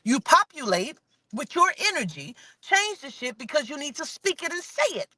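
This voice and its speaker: A woman's voice: sing-song, moderate pace, bright, forceful tone, dry recording. A woman giving an impassioned, profane spiritual monologue, repeating and stressing her points in a preachy way. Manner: preachy, profane, repetitive and emphatic; drops to a low mutter when saying she is getting angry. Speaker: spiritual vlogger.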